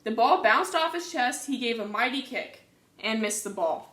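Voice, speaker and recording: Bright-voiced woman reading in an echoey room. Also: on the high side, animated, moderate pace. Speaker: reader. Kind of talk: children's storybook read-aloud.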